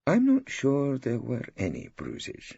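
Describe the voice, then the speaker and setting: A man voicing a courteous, elderly judge who speaks slowly and earnestly from the bench. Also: medium pitch, wildly swooping pitch, vocal fry, dark tone, slightly rough, dry recording, voice pushed up, heavily acted. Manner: slow, courteous, shocked. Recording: dull dry studio audiobook.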